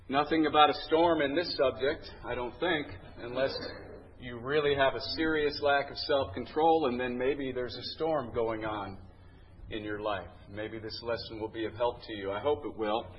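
A man's voice: medium pitch, lo-fi sound, slight background noise. A man teaching a Bible lesson in a conversational, candid way, telling anecdotes.

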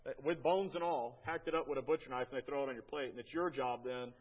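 An American man giving a church slideshow talk about a mission trip, folksy and halting, often repeating his words. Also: medium pitch, steady tone, slightly rough, lo-fi sound. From United States.

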